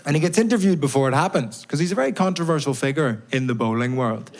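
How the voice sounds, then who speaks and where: A man's voice: on the high side, lively intonation, fast. A Northern Irish man in his thirties doing a stand-up set in a club, ranting with sardonic, mock-exasperated edge. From Belfast, Northern Ireland. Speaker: stand-up comedian. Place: comedy club basement with a live audience. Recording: live club recording with audience laughter. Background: audience laughter and applause.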